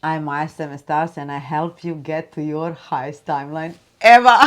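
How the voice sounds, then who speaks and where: A woman hosting a spiritual video, talking loosely and chattily with lots of "you know" and "like", turning soft and hushed for advice. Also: sits low, moderate pace, few pauses, noisy background. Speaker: spiritual channel host. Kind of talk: casual spiritual talk to camera.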